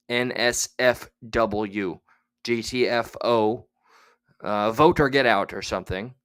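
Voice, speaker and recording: A man's voice: medium pitch, fairly bright tone, clear, resonant tone. A man hosting a casual livestream, rambling and theatrical, muttering and swearing to himself between remarks to his chat. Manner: exasperated, theatrical, rambling with tech trouble. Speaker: livestream host.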